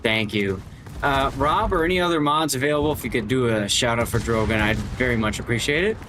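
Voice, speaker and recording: A man's voice: medium pitch, a little fast, background noise. A man streaming a game live, chatting casually and joking with his viewers. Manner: chatty, jokey, greets chat. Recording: game gunfire sounds behind.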